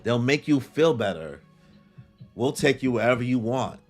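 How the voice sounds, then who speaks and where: A man's voice: mid-range voice, expressive, normal speed, faint music behind, natural voice. A man reading a sleazy fake-cop thug.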